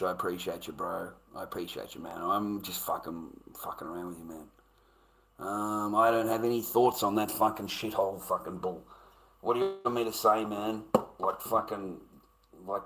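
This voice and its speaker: A man's voice: low voice, steady tone, moderate pace, fairly bright tone, rough recording. A man ranting bluntly and profanely at his live-stream chat. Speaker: livestreamer.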